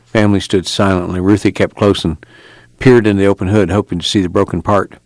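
Low-voiced male audiobook narrator. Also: dry recording. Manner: steady, measured reading.

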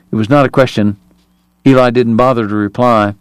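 Male audiobook narrator, mid-pitched, measured and even, dry booth sound. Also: smooth, no room sound. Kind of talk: scripted narration.

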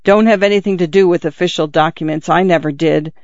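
A man's voice: a little high, steady tone, a little fast, a little mellow, dry recording, dull audio, lightly acted. A man voicing a wounded, dying middle-aged father who speaks earnestly and urgently to his son while out of breath. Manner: urgent, confiding, pleading. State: in pain, out of breath.

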